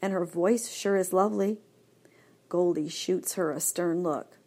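A woman narrating a children's story in first person, lively and expressive. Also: on the low side, measured pace. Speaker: audiobook narrator.

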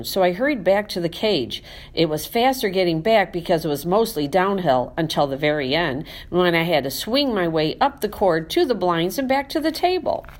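A woman narrating a children's storybook in first person as a classroom pet, reading in an animated, expressive way. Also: mid-range voice. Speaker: audiobook narrator.

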